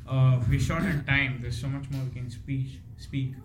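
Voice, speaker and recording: A man gives an earnest devotional storytelling talk, full of rhetorical questions and "you know." His medium-pitched voice is flat and moderately paced, recorded in an echoey hall with faint noise.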